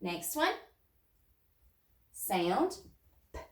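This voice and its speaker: A woman's voice: medium pitch, very animated, extremely slow, far from the mic. A woman teacher leading young children through a phonics lesson, sounding out words step by step. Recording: echoey room, voice off-mic.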